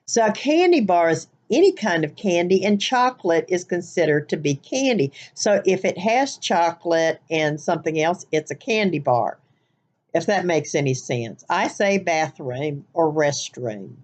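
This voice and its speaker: A woman's voice: on the low side, very animated, unhurried. A woman with a Southern US accent chatting casually through an accent tag vlog, rambling with many fillers. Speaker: vlogger.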